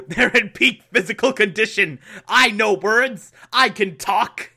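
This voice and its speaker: A man's voice: sits high, slow, vocal fry, pushed and bright. A man giving a sarcastic, rambling comedic movie recap, laughing at his own jokes.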